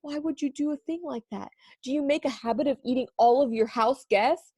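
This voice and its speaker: A woman voicing a fussy, proud male doughnut who is prim and polite and turns shrill when alarmed. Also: fairly quick, mellow, husky, no room sound, studio quality. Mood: outraged.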